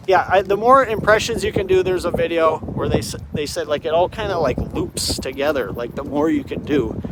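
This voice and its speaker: A man's voice: fairly high pitch, sing-song, fairly quick, few pauses, background noise. A man rambling playfully while walking and talking outdoors for his vlog. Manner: rambling, playful, jumps between topics. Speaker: vlogger. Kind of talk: rambling walk-and-talk vlog.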